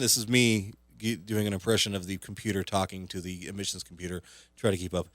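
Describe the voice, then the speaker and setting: A man's voice: on the low side, steady tone, brisk, a bit bright, no echo. A man hosting talk radio as a comedian, delivering a casual, rambling monologue full of fillers, sarcasm and self-mockery from a studio microphone.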